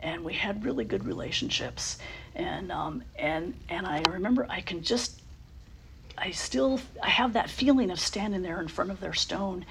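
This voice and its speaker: A middle-aged woman shares her personal history at a recovery meeting in a fairly low, gravelly, animated voice. She halts often, full of fillers and restarts, and falls to a near-whisper at tender moments, with slight hiss or hum present.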